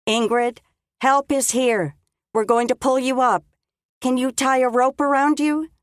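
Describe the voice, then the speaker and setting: A woman's voice: lowish voice, moderate pace, no room sound, studio quality, lightly acted. A woman voicing a worried, tender young man calling urgently to someone below.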